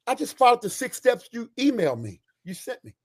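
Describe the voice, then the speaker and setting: A man voicing a fellow veteran, a working man who excitedly shouts his good news. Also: extremely high pitch, fairly quick, slightly rough, pitched above the performer's own voice, full character voice. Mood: overjoyed. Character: overjoyed male veteran worker in his prime.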